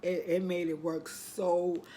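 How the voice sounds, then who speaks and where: A woman's voice: lowish voice, little pitch movement, slow pace, warm tone, slight background noise. Tearful woman in a heartfelt vlog. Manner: emotional, reflective, heartfelt. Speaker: vlogger. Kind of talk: casual personal vlog.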